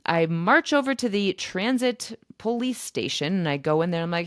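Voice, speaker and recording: A woman podcast host telling a personal story in a chatty, animated way. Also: fairly low pitch, moderate pace, few pauses, no room sound, studio quality. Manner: chatty and animated, with fillers and laughs. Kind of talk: casual storytelling monologue.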